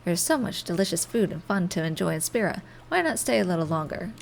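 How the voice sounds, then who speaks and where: A woman reading the lines of a dignified male shrimp king in a game, speaking in a measured, kindly way. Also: lowish voice, big pitch swings, creaky, a little hiss or hum. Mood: gracious.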